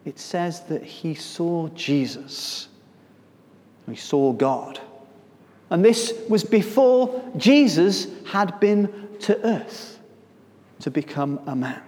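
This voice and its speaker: Male preacher, unhurried delivery, swings from hush to loud emphasis, recorded in a hall with long reverb. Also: on the high side, sing-song. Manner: dramatic shifts between soft and loud delivery. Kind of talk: sermon.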